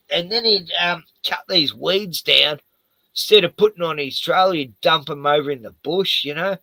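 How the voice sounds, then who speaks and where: Older man, gravelly voice, forceful and sharp, rambling and profane, dry close sound. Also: a little high, normal speed, no echo, low-quality recording. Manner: rambling and profane, full of "you know". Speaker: retired house painter. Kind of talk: casual chat.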